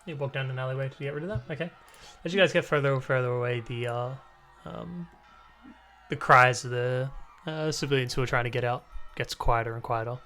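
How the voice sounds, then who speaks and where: A man narrating as game master in a relaxed tabletop game session, with a loose, chatty style and frequent fillers. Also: medium pitch, fairly quick, soft background music.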